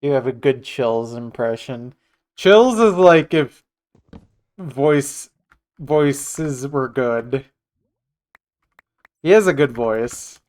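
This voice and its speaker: A man's voice: medium pitch, lively intonation, drawn-out words, long pauses, darkish tone. A man streaming a game live, joking casually with his viewers. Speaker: livestreamer. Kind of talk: casual gaming livestream chat.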